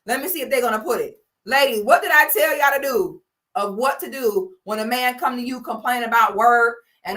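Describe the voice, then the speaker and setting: Give me a young woman lecturing her livestream viewers, blunt and preachy, with a bright, sharp voice pitched a little high. She talks in slang, straight into a phone or webcam at home. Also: animated, fairly quick. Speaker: host. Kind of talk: livestream commentary.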